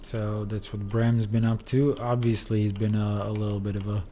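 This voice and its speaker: A man's voice: on the low side, flat delivery, normal speed, mellow, a little hiss or hum. A sleepy man streaming a video game, rambling through commentary with lots of fillers. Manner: rambling, hesitant, many fillers. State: sleepy, yawning. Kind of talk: casual let's play commentary.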